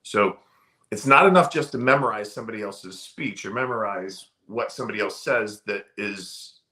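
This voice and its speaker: A man's voice: fairly low pitch, moderate pace, sharp tone. A middle-aged man, a sales trainer, talking casually in an interview with an emphatic, storytelling delivery.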